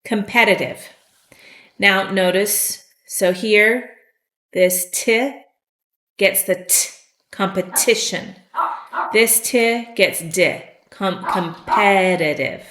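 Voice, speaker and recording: Woman teacher, slow and patient delivery, echoey room. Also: medium pitch, fairly even intonation, fairly bright tone. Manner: slow, patient explaining with fillers. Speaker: English teacher. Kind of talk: vocabulary lesson.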